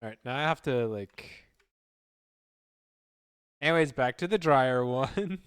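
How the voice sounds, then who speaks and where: A man's voice: mid-range voice, animated, slow pace, pauses often, smooth. A man chatting casually on a live stream, rambling and stumbling over repeated words.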